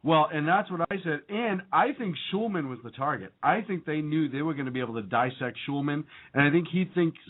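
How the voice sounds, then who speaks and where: A man's voice: a little high, expressive, fairly quick, few pauses. A man co-hosting a casual political talk show, speaking in an earnest, opinionated way. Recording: phone-like lo-fi sound.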